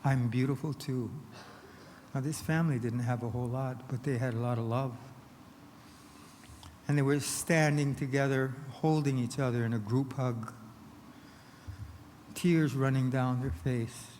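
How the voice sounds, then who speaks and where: A man giving a recovery meeting talk, earnest storytelling that moves between hushed and emphatic, in a meeting hall. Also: mid-range voice, fairly even intonation, unhurried, long pauses. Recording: long hall reverb, faint noise.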